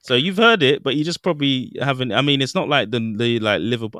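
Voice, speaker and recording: A man co-hosting a podcast in casual chat, playful and quick to tease and mimic accents. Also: mid-range voice, sharp tone, dry recording, clean studio sound. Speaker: podcast co-host.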